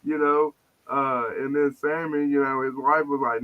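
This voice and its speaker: A man's voice: medium pitch, flat delivery, moderate pace, highs cut off. A man talking in casual, profane, joking banter as a guest on a live podcast stream.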